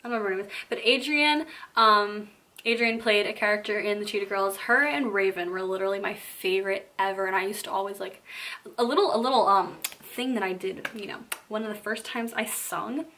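A woman's voice: mid-range voice, brisk, bright, forceful tone, slight background noise, rough recording. A young woman beauty vlogger chatting bubbly and gushing, full of fillers, in a casual haul video.

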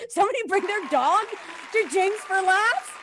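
A young woman working a stand-up crowd with a high, bright voice. She is crude and self-deprecating, laughs at her own jokes and banters with the audience between bits. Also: animated, measured pace, background noise. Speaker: stand-up comedian. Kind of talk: stand-up comedy set.

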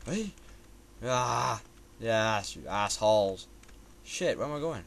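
A man's voice: fairly low pitch, lively intonation, slow, gravelly, a little hiss or hum. A young man commentating his own platformer run in a frustrated way, swearing constantly at the game. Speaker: gamer playing a platformer. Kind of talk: swearing let's-play commentary. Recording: loud typing and keyboard clicks behind.

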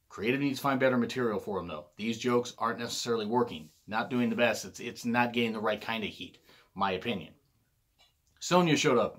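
A man's voice: lowish voice, a bit bright. A man hosting his own casual review vlog, rambling and joking, often correcting himself mid-sentence. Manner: rambling, jokey, self-correcting. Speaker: wrestling show reviewer.

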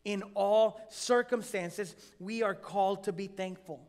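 A male pastor delivers an earnest sermon in a noticeably high voice. He drives his points home through repetition and rising emphasis, and his words ring out with a long echo. The recording sounds like a large hall. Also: unhurried, a little mellow, clear, resonant tone.

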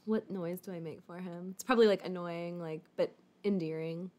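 A woman's voice: lowish voice, steady tone, moderate pace, darkish tone. A woman streamer chatting casually with viewers, rambling with lots of "like" and casual swearing. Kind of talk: casual chat.

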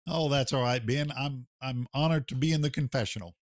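A man's voice: mid-range voice, brisk, no echo, studio quality. An American man, a barbecue pitmaster, talking casually as a podcast guest in a folksy, plainspoken way. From United States. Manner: folksy, plainspoken, says sir. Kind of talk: casual interview chat.

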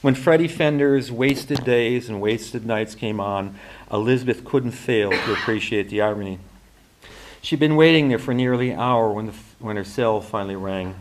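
A man, an author, reading his novel aloud in a measured, deliberate way at a university reading. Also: medium pitch, a little hiss or hum, poor audio.

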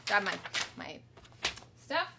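A woman's voice: medium pitch, very animated, drawn-out words, vocal fry, heavy background noise. A woman teaching kindergarten in a home video lesson, recorded on a tripod camera. She speaks in a cheerful singsong teacher voice and turns firm when she corrects the children. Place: home room with a cluttered floor.

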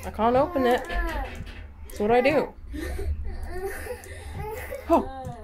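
A woman's voice: on the high side, takes it slowly. A woman playing a horror game on stream, jumpy and swearing, with nervous laughter. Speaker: let's play gamer.

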